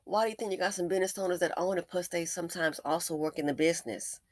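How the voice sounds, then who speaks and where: A woman hosting an opinion commentary, sarcastic and emphatic, swinging between loud stresses and low muttered asides. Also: fast talker, no echo. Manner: sarcastic and emphatic, with repeated jabs. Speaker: commentary channel host.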